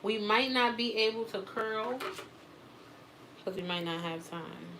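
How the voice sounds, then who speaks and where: A woman's voice: on the high side, a little slow, a bit bright, a little hiss or hum. A woman teaching a live wig-making class, explaining steps in a casual, chatty way.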